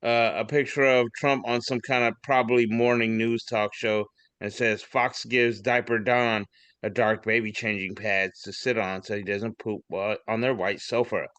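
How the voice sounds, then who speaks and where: A man's voice: lowish voice, little pitch movement, normal speed, fairly bright tone, no room sound. A man co-hosting a casual podcast, reading memes aloud in a rambling, swearing, laughing way. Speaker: podcast co-host.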